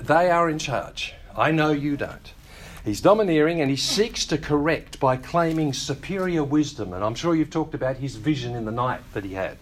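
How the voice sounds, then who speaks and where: A male pastor preaching a sermon, teaching in a conversational way with wry asides and quick acted-out quotes of other people. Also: fairly high pitch.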